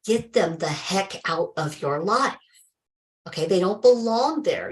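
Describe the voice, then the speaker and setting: A woman's voice: medium pitch, animated, a little slow, poor audio. A woman hosting a live stream as a health coach, speaking in an emphatic, chatty way, calling viewers by name and peppering her advice with exclamations and remarks of faith.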